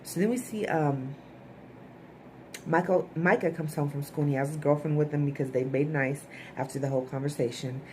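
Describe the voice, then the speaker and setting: A woman's voice: low-pitched, steady tone, brisk, a little mellow, slight background noise. A woman giving a chatty, opinionated recap of a TV episode, blunt and swearing casually. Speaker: TV episode reviewer.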